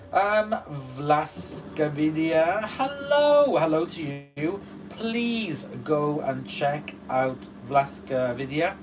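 A man hosting a casual livestream, reading out viewer comments and answering them beside a running washing machine. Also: medium pitch. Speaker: livestream host. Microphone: distant mic. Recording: distant mic with steady background noise.

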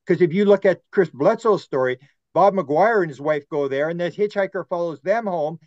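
A man talking as a podcast guest, rambling and animated as he tells stories and acts out quotes. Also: high-pitched, moderate pace, dry recording, highs cut off. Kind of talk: podcast conversation.

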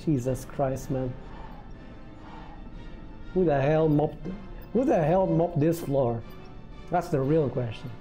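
A man's voice: a little high, slow, long pauses, warm tone. A man giving casual, profane commentary while playing a video game and reacting to it. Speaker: gameplay commentator. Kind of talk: casual let's-play commentary. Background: game music.

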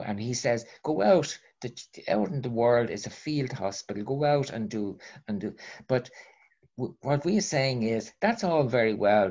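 Low-voiced man, halting. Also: a little mellow. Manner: halting, many restarts and repeated words. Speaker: panel speaker. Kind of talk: discussion on an online call. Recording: muffled call audio.

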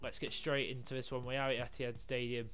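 A young man commentating his football video game career mode, swearing a lot, yelling when things go wrong and talking things through quietly in between. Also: mid-range voice, quick pace, faint music behind. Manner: swears a lot, yells in frustration, mutters calmly between games. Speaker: gaming YouTuber. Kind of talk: live gameplay commentary.

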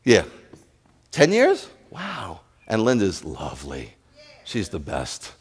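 A man, a rabbi preaching to his congregation in an animated, joking way and speaking straight to the listeners. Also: sits low, slow pace, breathy edge. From New York. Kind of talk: sermon.

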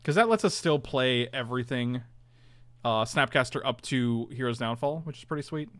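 A man's voice: mid-range voice, moderate pace, no echo. A man casually commentating his own online card game, chatty and self-mocking, groaning at his bad draws.

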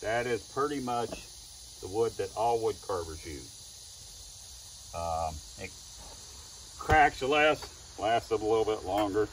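Folksy middle-aged carver, lowish voice, chuckling storyteller, mic set well back outdoors with faint noise. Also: male voice, lively intonation, slow, long pauses, recorded from a distance, low-quality recording. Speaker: chainsaw woodcarver. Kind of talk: casual storytelling demo.

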